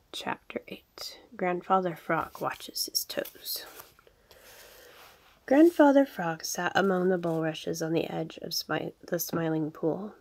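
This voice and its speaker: A woman reads a children's storybook aloud with a husky, slightly low voice. Her delivery is gentle and often drops toward a half-whisper. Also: slow pace. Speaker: reader. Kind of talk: storybook narration.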